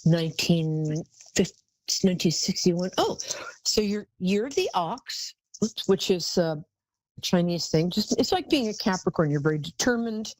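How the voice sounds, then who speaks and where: A woman's voice: fairly low pitch, moderate pace, a little mellow, no room sound, rough recording. A woman hosting a live call-in psychic show, talking in a chatty, rambling way and calling callers darling.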